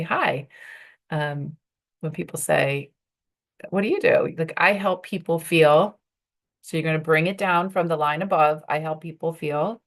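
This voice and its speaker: A woman leading a workshop for professional women, talking conversationally and acting out bits of dialogue. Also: low voice. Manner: conversational, with fillers and acted-out dialogue. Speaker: workshop leader.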